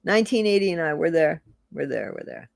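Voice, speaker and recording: Brief: livestream host, casual and chatty, mid pitch, dry close sound, reads comments aloud. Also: expressive, a little fast, creaky, dry recording. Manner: chatty, rambling, laughs often, repeats phrases. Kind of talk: casual livestream chat reading viewer comments.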